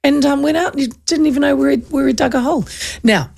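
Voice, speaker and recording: A woman's voice: sits high, quick pace, gravelly, a little mellow. A middle-aged woman with a New Zealand accent, hosting a show and telling stories in a chatty way, laughing often. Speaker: radio host. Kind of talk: casual chat.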